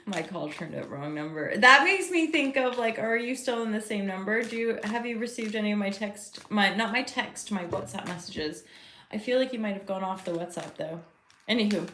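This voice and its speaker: A woman's voice: mid-range voice, animated, moderate pace, pushed and bright, slight background noise. A woman giving a casual live tarot reading, rambling and chatty as she talks to her viewers. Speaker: tarot reader and host. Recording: roomy echo.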